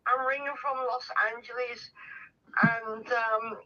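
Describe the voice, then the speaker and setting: A woman calling in from Los Angeles on a loudspeaker phone, chatty and affectionate as she says her goodbyes. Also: fairly high pitch, fairly even intonation, takes it slowly, recorded from a distance. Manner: warm, affectionate sign-offs. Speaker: phone caller. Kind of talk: casual phone chat. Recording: tinny phone line on loudspeaker.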